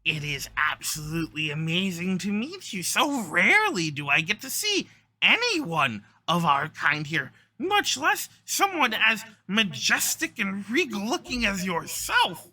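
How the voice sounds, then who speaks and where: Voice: mid-range voice, sing-song, measured pace, sharp tone, pitched above the performer's own voice, exaggerated voice. A game master voicing an eager young female kobold fish seller who talks in broken, gushing phrases. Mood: warm. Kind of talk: tabletop role-play voice.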